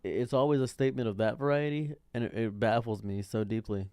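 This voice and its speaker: A man's voice: mid-range voice, steady tone, fast talker, dark tone, smooth, no room sound, clean studio sound. A man in his thirties who talks off the cuff in a casual commentary monologue, rambling and repeating himself with a baffled, exasperated tone. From Detroit. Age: 30s. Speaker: streamer.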